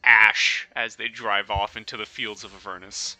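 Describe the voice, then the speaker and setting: A man narrating as dungeon master in a relaxed, rambling way with fillers. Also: fairly low pitch, normal speed. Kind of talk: narrating a tabletop game.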